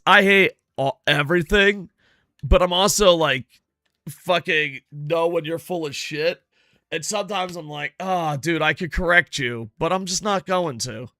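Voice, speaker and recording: A man hosts a gaming live stream, talking to his chat as he plays. His voice sits a little high and sounds bright and forceful, and he swears freely as he rambles from one tangent to the next. The sound is close and dry. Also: no room sound. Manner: profane, rambling, animated storyteller; chats with viewers while playing. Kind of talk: casual live-stream chat over gameplay.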